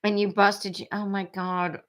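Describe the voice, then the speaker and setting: A woman's voice: medium pitch, level tone, measured pace. A woman in her forties hosting a true crime livestream, chatting casually and rambling sympathetically as she reads viewer comments.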